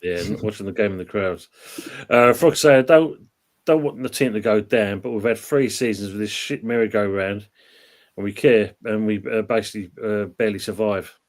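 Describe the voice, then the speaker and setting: A man hosting a casual livestream, reading chat comments aloud in a relaxed way. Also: on the low side, normal speed. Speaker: show host reading live chat.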